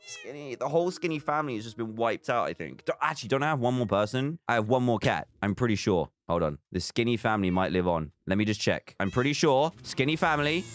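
A man's voice: mid-range voice, fast, hardly any pauses. Young guy doing let's-play commentary, voice jumps all over the place, faint music behind. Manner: animated, swings into panicked exclamations. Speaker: gaming YouTuber.

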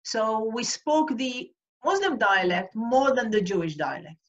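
A woman's voice: on the high side, very animated, unhurried. Woman on a muffled call. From Iraq. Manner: hesitant, searching for words with many fillers. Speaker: guest speaker. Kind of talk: online event interview. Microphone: video call.

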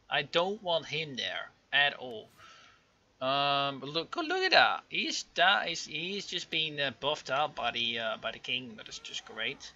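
A young man giving casual, rambling commentary over a strategy game, full of ums and self-corrections, with excitable outbursts. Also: mid-range voice, a little hiss or hum. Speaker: gaming channel host. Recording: dull lo-fi home mic.

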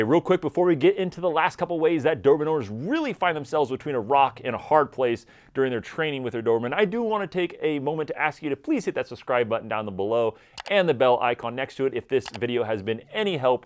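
A man giving energetic, conversational dog training advice directly to his viewers. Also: medium pitch. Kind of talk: instructional talk to camera.

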